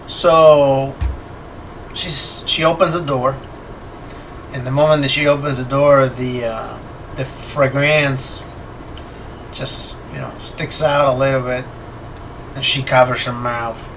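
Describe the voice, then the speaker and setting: A man narrating as game master of a tabletop horror game, unhurried and filling pauses with fillers. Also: medium pitch, steady tone, fairly bright tone, recorded from a distance, slight background noise, rough recording.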